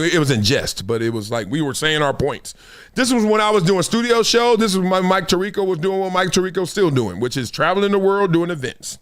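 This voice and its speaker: Animated, high-pitched man telling stories. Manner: storytelling, swings between big high bursts and low asides, laughs often. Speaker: show host. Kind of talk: animated solo commentary.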